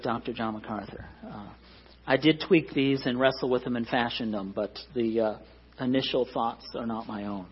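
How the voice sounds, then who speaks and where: A man's voice: medium pitch, husky, lo-fi sound. A man preaching a sermon as pastor, earnest and emphatic, pressing his points with rising stresses.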